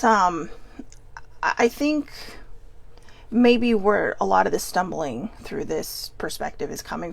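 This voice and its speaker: A woman hosting a candid personal vlog, speaking earnestly and haltingly as she searches for words, often restarting. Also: medium pitch, vocal fry. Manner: earnest and open. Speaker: vlog host.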